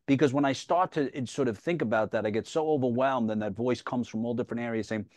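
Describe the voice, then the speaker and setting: A man's voice: mid-range voice, fast talker, few pauses, a little mellow, dry recording. A man hosting a faith podcast, affirming and relatable, with a touch of self-deprecating humor. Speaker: podcast host. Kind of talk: conversational interview.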